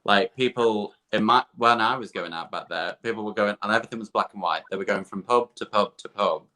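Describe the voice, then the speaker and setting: A man's voice: on the low side, a little fast, pushed and bright. A man from the English Midlands co-hosting a casual chat over a video call, chatty and rambling with many restarts. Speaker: co-host.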